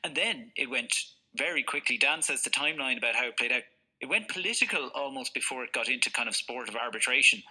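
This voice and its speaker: A football journalist telling lively anecdotes in a podcast discussion. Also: male voice, mid-range voice, fast, slightly rough, poor audio. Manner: animated anecdotal storyteller, acts out voices.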